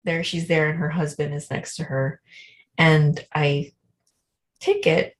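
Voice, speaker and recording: A woman co-hosting a live online show, telling a story in a rambling, animated way full of fillers. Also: deep voice, slow pace. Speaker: co-host. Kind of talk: casual livestream storytelling.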